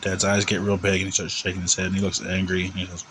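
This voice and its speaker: A man's voice: low-pitched, monotone, quick pace, fairly bright tone, a little hiss or hum, low-quality recording. A man telling a long joke in a casual, rambling, conversational way. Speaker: joke teller.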